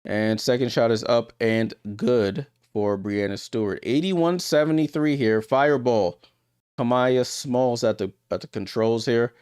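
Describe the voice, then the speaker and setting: In an unhurried, clear, resonant medium-pitched voice, a man hosts a watchalong livestream, chatting with his audience and calling plays live. He gets louder when big plays land, over a dry, clean studio recording.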